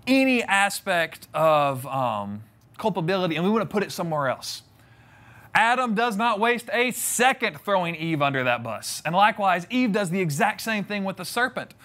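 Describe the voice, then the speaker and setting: A young man preaches in an easy, joking way, slipping into voices to act out the story. His voice sits high for a man. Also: pushed and bright. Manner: conversational and humorous, acts out scripture voices. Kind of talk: sermon.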